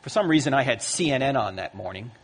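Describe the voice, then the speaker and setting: A man in his fifties giving a lively talk to a live audience in a large hall, acting out the voices in his stories. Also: mid-range voice, fast. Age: 50s. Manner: lively storyteller who acts out quoted voices. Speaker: Christian apologetics speaker. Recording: long hall reverb.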